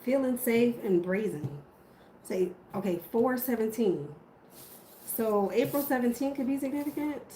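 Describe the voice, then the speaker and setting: A woman's voice: a little high, measured pace, mellow, roomy sound, slight background noise, low-quality recording. A woman giving a casual tarot reading to camera, swearing freely and correcting herself as she goes. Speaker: tarot reader.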